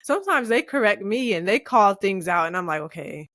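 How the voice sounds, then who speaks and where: A woman's voice: medium pitch, big pitch swings, fairly quick, dry recording, studio quality. A woman hosting a faith podcast, talking casually and affirming her guest. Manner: warm affirming listener with soft reactions. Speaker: podcast host.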